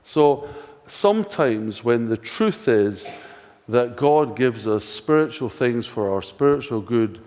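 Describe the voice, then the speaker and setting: A man's voice: medium pitch, lively intonation, takes it slowly, darkish tone. An older Scottish man preaching a sermon in a chatty way, full of rhetorical questions and dry self-mocking humour. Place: church. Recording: long reverb of a church hall.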